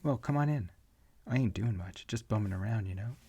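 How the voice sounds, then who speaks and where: A man voicing a young slacker who talks in a loose, slangy way, pitched well above his own voice. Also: a little fast, mellow, husky. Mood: laid-back. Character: young slacker man, laid-back but quick to get rattled.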